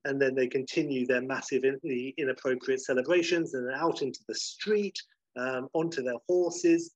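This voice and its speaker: A man with a husky, mid-range voice and steady tone talks through a comedy scene at a moderate pace. It's casual storytelling, rambling and full of "like" and "you know." The lo-fi sound is slightly dull and has no echo.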